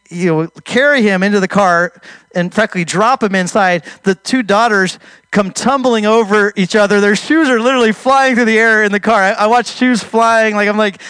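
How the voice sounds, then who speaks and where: A man telling a missionary testimony story in an animated way, restarting his sentences and raising his voice at the tense moments. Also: high voice, clean tone, no echo.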